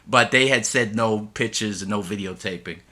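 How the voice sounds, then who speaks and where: Bright-voiced man telling a lively story. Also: on the low side, normal speed. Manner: lively storyteller who acts out the voices of people he quotes. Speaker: school teacher telling a story. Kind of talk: animated storytelling in an interview.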